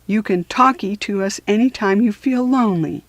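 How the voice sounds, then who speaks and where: A woman reading aloud voices a bossy, confident young girl detective who gives brisk orders in a storybook. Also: medium pitch, no echo, close to an everyday voice.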